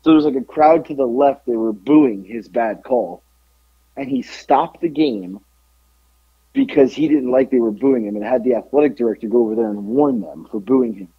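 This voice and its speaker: A man co-hosting a podcast, slightly hoarse from yelling, telling animated stories in casual chat. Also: medium pitch, moderate pace, dry recording, narrow, tinny audio. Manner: animated storytelling, yelling out quotes. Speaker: podcast co-host.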